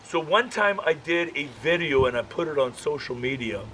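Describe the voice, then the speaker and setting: A man leading a dog-training workshop, telling jokey stories in a casual, animated way. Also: a little high, moderate pace, background noise. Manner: animated, joking storyteller. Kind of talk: casual workshop talk with anecdotes.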